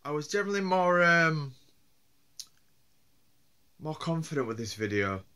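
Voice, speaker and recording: A man's voice: on the high side, very animated, a little slow, sharp tone, smooth. A man from Yorkshire with a Yorkshire accent, vlogging on his own in a rambling, hesitant way with many fillers and restarts. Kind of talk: casual solo vlog.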